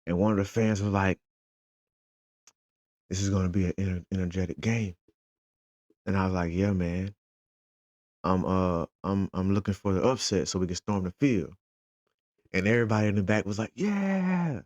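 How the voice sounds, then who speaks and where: A father vlogs casually about his day as a fan, animatedly acting out the conversations he had in quotes. His voice is low-pitched at normal speed with long pauses, recorded with no room sound.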